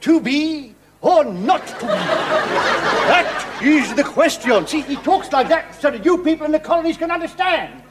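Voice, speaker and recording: A man's voice: very high voice, expressive, normal speed, very noisy. A man playing a cheeky rambling Englishman with a thick Cockney accent and mumbled jokey patter, recorded in front of a laughing studio audience. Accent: thick Cockney put on. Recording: TV show clip with loud studio audience.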